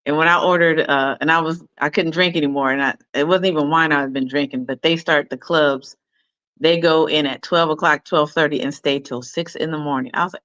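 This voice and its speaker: A woman's voice: low voice, steady tone, a little fast, fairly bright tone, dry recording, dull audio. A woman guest on a talk show, chatting casually and telling anecdotes over a video call. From Arizona. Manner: chatty storyteller, quotes people in her anecdotes. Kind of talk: casual interview chat.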